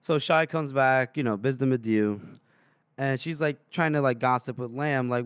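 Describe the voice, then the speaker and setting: A man co-hosting a podcast, casually retelling book chapters and quoting the characters in quick asides. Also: medium pitch, smooth, no room sound, studio quality. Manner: retells scenes with quick voiced quotes of characters. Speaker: podcast co-host.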